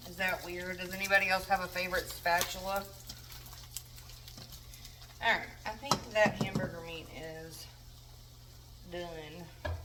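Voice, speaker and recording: A woman's voice: fairly low pitch, fairly even intonation, unhurried, long pauses, far from the mic, noisy background. A young woman chatting casually while cooking in her home kitchen, rambling with self-deprecating asides. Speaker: home cook vlogger.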